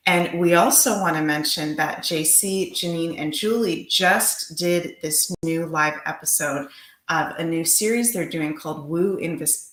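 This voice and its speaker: A woman's voice: deep voice, a bit bright, roomy sound, rough recording. A woman co-hosting a livestream, chatting in an upbeat, gushing way as she promotes products and shows. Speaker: livestream co-host. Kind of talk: livestream chat.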